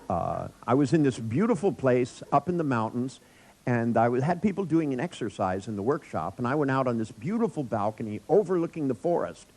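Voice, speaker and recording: A man's voice: mid-range voice, a little mellow, poor audio. A man giving a live workshop lecture to an audience, telling wry, joking anecdotes. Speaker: workshop trainer.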